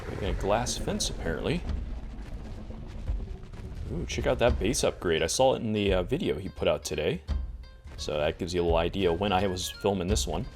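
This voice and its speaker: A man's voice: deep voice, expressive, brisk, pauses often. A man giving casual, chatty commentary while he plays a survival game, talking to himself as he goes. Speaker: gameplay video creator. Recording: music playing behind the voice.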